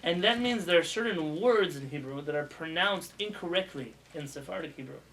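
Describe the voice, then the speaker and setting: Bright-voiced rabbi teaching a class. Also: male voice, a little high, a little fast, a little hiss or hum, low-quality recording. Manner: animated, demonstrates pronunciations with raised voice; asks students questions as he teaches. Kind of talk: casual spoken lesson. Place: classroom with students.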